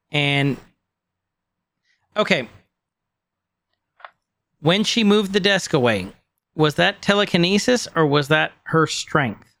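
A man co-hosting a podcast, recapping a show in casual chat, animated and quick to laugh, acting out quotes. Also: a little high, vocal fry, no room sound. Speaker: podcast co-host.

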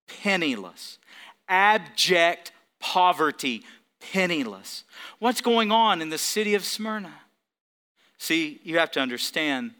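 A man's voice: a little high, pushed and bright, clear, resonant tone. A man preaching a sermon, emphatic, calling out to the congregation for responses. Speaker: pastor.

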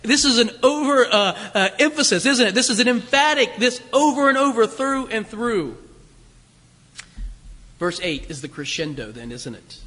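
A man with a high, bright voice preaching a sermon. He talks emphatically, repeating phrases for stress and slowing down to read scripture. His voice rings through a long hall reverb. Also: sing-song.

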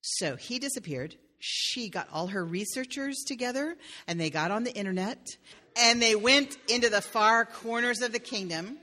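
A woman pastor retells a fairy tale as a sermon, with playful asides. Her voice is bright and clear, at a middling pitch for a woman.

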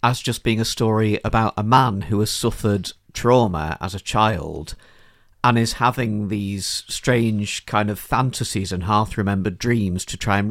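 A man co-hosting a casual book discussion, who speaks in a thoughtful, measured way. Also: fairly low pitch, fairly bright tone, no room sound, studio quality. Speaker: podcast co-host.

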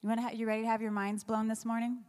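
A woman's voice: a little high, flat delivery, racing, a little mellow, big-room sound. A woman pastor giving a conversational sermon, asking the congregation rhetorical questions.

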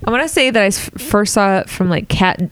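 A woman's voice: medium pitch, expressive, brisk, clear, resonant tone, no room sound. A woman co-hosting a casual podcast, reading news items aloud and then chatting and laughing often. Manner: giggly, reads news then chats. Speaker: podcast co-host.

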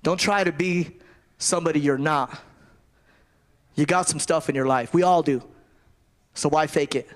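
A man's voice: a little high, normal speed, pauses often. A man giving a conversational sermon, often repeating and restarting his phrases. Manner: conversational preaching with repetitions and restarts. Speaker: preacher.

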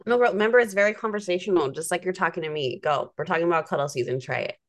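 A woman's voice: on the low side, rapid-fire. A woman co-hosting a podcast in casual chat, teasing and coaching her partner. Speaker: podcast co-host.

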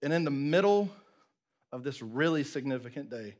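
A man preaching a sermon, telling the story with animated acted-out voices and sudden drops to a near whisper. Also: medium pitch, normal speed. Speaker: pastor.

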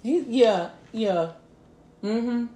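A woman in her thirties co-hosting a casual podcast chat and telling stories in an animated way, laughing often and swearing freely. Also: on the high side, extremely slow. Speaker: podcast co-host. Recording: echoey room.

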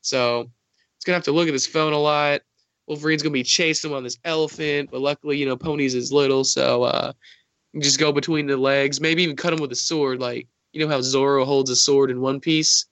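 A man's voice: mid-range voice, steady tone, brisk, fairly bright tone, no room sound. A man co-hosting a podcast, rambling through a silly hypothetical with lots of fillers. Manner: rambling, filler-heavy speculation. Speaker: podcast co-host. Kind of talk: casual chat.

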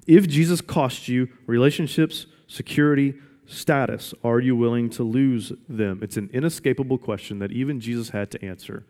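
A man's voice: mid-range voice, normal speed, warm tone. A man preaching a sermon as pastor, emphatic and repeating his questions for weight. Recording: long reverb of a large hall.

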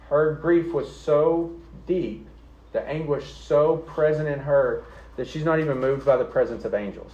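A man's voice: on the high side, moderate pace, mellow, highs cut off. A man preaching an earnest, conversational sermon, often checking in with the congregation. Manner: earnest, conversational preaching with frequent "okay?" and "right?". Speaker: pastor.

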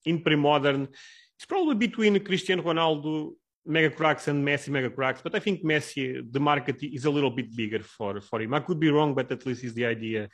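A man's voice: a little high, brisk. Hesitant man hosting a podcast chat. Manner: hesitant, many restarts and fillers. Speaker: podcast host. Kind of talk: casual podcast interview.

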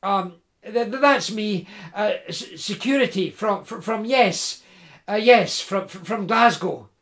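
A man's voice: sits high, takes it slowly, fairly bright tone, heavily acted. A man voicing a nervous, stammering young male security guard. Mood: flustered. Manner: stammering, hesitant.

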